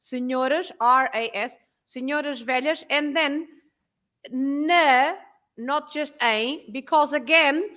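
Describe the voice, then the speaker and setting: A woman's voice: high voice, slow pace, a bit bright. A woman whose first language is Portuguese, patiently explaining grammar step by step as a language teacher. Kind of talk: casual language lesson.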